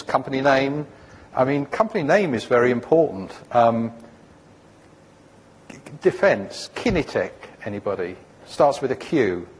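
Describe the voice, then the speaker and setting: A man speaks to an audience in a husky voice at an ordinary middle pitch. He tells rambling stories about his startup days, stops often for fillers, and restarts his sentences. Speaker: startup founder giving a talk. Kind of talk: conference talk to an audience.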